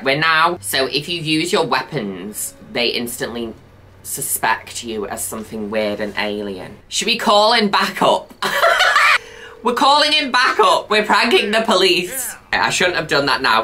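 A woman playing through a video game and talking over it the whole way. Her voice is bright and forceful, and her pitch leaps around wildly as she shrieks at the action, then drops to dry little asides, with game music playing faintly underneath. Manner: campy and exclamatory, swings from squeals to low asides. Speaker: gaming video host. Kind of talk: let's-play commentary.

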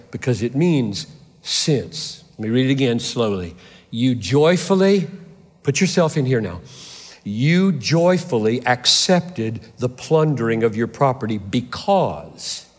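A man's voice: mid-range voice, expressive, unhurried, breathy edge. Impassioned male preacher in a reverberant hall. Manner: impassioned, emphatic preaching with repeated rhetorical questions. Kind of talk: sermon.

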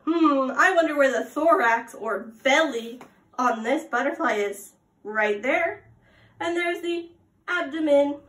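Her voice is high and a bit bright: a young adult woman leading preschool circle time. She reads in a slow, sing-song manner, stopping for exaggerated gasps and prompts to the children. The space she's in echoes.

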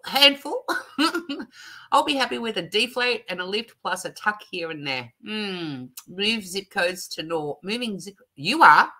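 A woman's voice: mid-range voice, expressive, a little slow, bright, forceful tone. A middle-aged Australian woman hosting a casual live stream, chatting and reading viewer comments aloud with frequent laughs. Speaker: livestream host.

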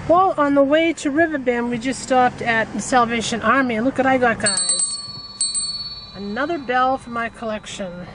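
A woman, narrating a casual nature vlog by a river and roadside, full of excited exclamations, recorded on a handheld camera. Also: a little high, normal speed, rough recording. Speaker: nature vlogger. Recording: outdoor traffic noise behind.

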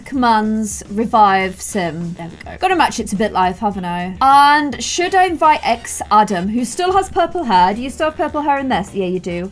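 A young woman giving playful, exasperated let's-play commentary, talking straight to the characters in her game. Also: mid-range voice. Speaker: gaming YouTuber.

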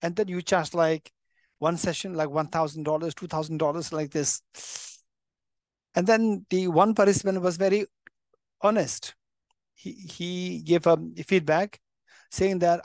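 A man's voice: sits high, steady tone, unhurried, long pauses, dry recording. Man, Buddhist teacher, emphatic, restarts words, English, dry close sound. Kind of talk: dharma teaching. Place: teaching center room.

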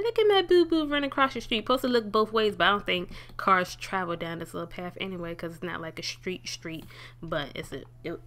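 Young woman, casual gameplay commentator, talkative, talks back to the screen. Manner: chatty, talks to the game characters, bursts of excited high pitch. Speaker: let's play gamer.

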